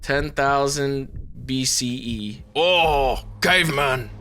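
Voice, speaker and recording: A young gaming creator gives casual let's-play commentary, animated and profane, talking to himself as he plays. His voice is medium-pitched and he takes it slowly, with slight background noise.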